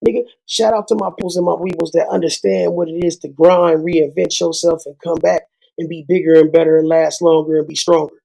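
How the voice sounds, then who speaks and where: Heated, profane man ranting, gravelly voice. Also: on the high side, level tone, brisk, mellow, poor audio. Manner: heated, profane, rhyming asides. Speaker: channel host. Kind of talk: ranting monologue to viewers.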